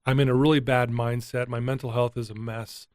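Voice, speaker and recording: A middle-aged man recounts a personal turning point as an interview guest, speaking earnestly and with feeling. His voice sits in an ordinary middle pitch, recorded close and dry with no room sound. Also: a little fast, no echo. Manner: earnest, emotional, animated retelling. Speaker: guest, addiction recovery coach. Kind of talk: candid storytelling interview.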